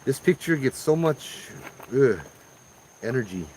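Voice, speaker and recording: A man's voice: medium pitch, lively intonation, a little slow, darkish tone, slight background noise, low-quality recording. A man with a Hawaiian accent hosting a show, telling ghost stories in a laid-back, slangy way. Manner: laid-back, slangy, calls listeners bro. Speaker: host. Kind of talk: casual ghost storytelling.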